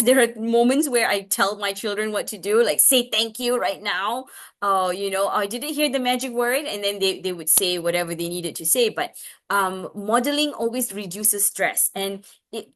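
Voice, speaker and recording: A woman speech expert in a video-call webinar, answering parents' questions in an earnest way, often restarting and checking in with "right?". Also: medium pitch. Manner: acts out parent-child exchanges in a brighter voice.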